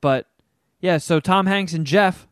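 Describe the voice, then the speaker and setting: Smooth-voiced man recapping a movie. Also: sits high, unhurried, no echo, studio quality. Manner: rambling, profane, animated storytelling. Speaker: podcast co-host. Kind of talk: casual chat.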